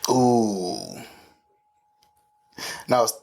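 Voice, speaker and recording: A man's voice: mid-range voice, drawn-out words, darkish tone. A man co-hosting a podcast, chatting casually and acting out his own reactions with animation. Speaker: podcast co-host. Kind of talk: casual chat.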